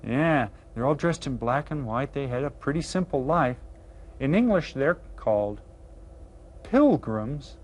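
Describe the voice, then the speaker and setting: A man teaching an elementary Spanish video lesson. He is upbeat, playful and encouraging, and he draws out each new word slowly and carefully. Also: mid-range voice, animated, darkish tone.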